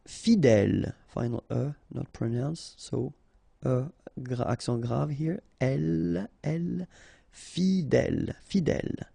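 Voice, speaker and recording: Slow, gravelly French-accented male teacher. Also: medium pitch, warm tone, no echo. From France. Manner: slow, patient, repeats and spells out each word. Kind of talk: pronunciation drill.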